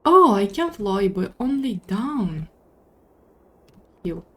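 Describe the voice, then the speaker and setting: A young woman with a non-native English accent hosting her gaming channel, giving casual gameplay commentary and squealing excitedly when things go wrong. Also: mid-range voice, slow pace. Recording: music playing behind the voice.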